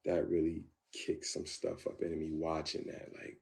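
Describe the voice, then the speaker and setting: A man tells his story in a candid interview. His voice sits low and gravelly with a dark, mellow tone. He acts out what he once thought and loops back on his own phrases. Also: monotone, moderate pace, few pauses. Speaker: guest.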